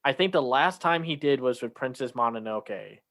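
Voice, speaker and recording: With a fairly bright, expressive mid-range voice at a moderate pace, this man co-hosts a casual podcast chat. He talks loosely, often using fillers and restarting, and sometimes acts out lines loudly.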